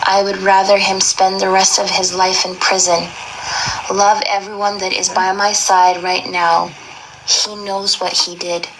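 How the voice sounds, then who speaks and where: A woman's voice: medium pitch, level tone, unhurried, background noise. A young woman reading aloud and reacting emotionally, with many exclamations and slang.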